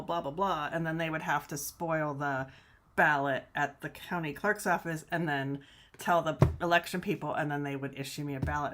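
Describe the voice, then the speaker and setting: Sitting at home before her laptop camera, a Michigan woman livestreams to viewers, talking chattily and loosely with plenty of laughter and some mild cursing. Her voice is low and a bit bright, recorded through the laptop camera microphone.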